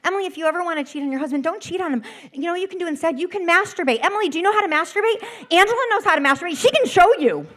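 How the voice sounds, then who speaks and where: Brief: unfiltered, excitable grandmother of 89, acted by a woman storyteller, bright and high, fast and insistent. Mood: eager. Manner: eager, blurting, insistent. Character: excited 89-year-old grandmother with no filter.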